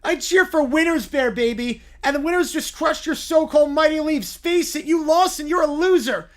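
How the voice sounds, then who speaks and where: A man's voice: very high-pitched, moderate pace. A text-to-speech voice playing a gloating bald boy who taunts a sore loser. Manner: taunting, smug. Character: gloating bald boy bully, rival fan.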